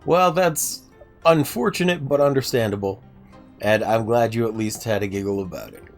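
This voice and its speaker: A male game streamer talks casually to his viewers, joking at his own expense and answering chat. His voice sits at a middle pitch but moves in lively, animated swings. Faint game music plays under him. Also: normal speed. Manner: chatty, self-deprecating, answers viewer chat.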